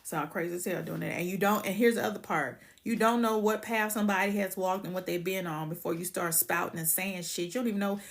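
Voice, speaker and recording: A woman's voice: on the low side, steady tone, fast talker, vocal fry, few pauses. Blunt, profane woman streaming live. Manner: blunt and profane, greets chat by name. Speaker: livestream host. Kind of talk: casual livestream rant.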